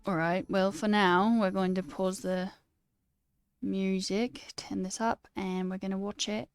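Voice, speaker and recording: A woman's voice: medium pitch, flat delivery, unhurried, clean tone, dry recording, faint music behind. An American woman hosting a casual coding livestream, thinking aloud and hesitating and joking at her own expense. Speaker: livestream host.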